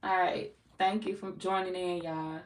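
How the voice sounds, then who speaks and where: A woman's voice: on the low side, flat delivery, unhurried. A woman from St. Louis, Missouri, with a Missouri accent, hosting a tarot livestream and greeting viewers in loose, playful, slangy chat. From Saint Louis, Missouri. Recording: roomy echo, mic at a distance.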